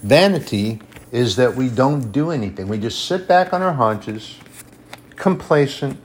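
A man preaching a sermon with emphasis, repeating his points for stress and reading scripture in a raised, slow voice. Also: mid-range voice, expressive, slight background noise.

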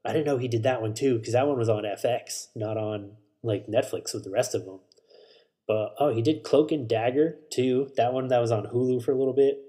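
Rambling casual podcast guy, mellow voice. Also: mid-range voice, brisk. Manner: rambling, swears, self-correcting. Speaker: podcast host. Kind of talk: casual solo podcast chat.

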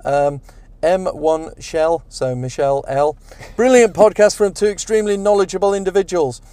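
A man's voice: high voice, moderate pace, clear, resonant tone, dry recording. A man co-hosting a podcast, chatting casually and jokingly while reading out listener reviews. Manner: jokey, relaxed, reads listener reviews. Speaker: podcast co-host.

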